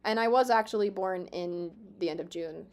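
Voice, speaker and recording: A woman in her twenties streaming a game, chatting casually with her viewers, swearing freely, excitable and self-mocking. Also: medium pitch, normal speed. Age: 20s. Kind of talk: casual live-stream chat.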